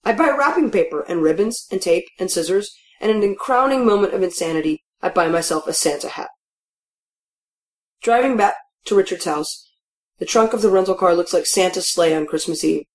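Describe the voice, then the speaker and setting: A woman's voice: on the low side, lively intonation, moderate pace. Wry woman reading a first-person story. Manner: wry, matter-of-fact, dryly humorous. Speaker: audiobook narrator. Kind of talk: first-person literary narration.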